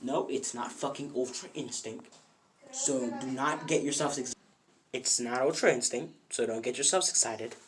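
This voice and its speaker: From a bedroom at home, a narrator improvises a fan what-if story, rambling with lots of fillers and self-corrections. The medium-pitched voice moves at a moderate pace against slight background noise.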